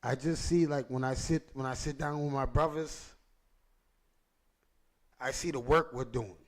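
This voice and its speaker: A man's voice: mid-range voice, steady tone, a little slow. A man hosting a podcast, telling an emotional personal story in street slang and repeating phrases for emphasis, choked up at times. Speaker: podcast host.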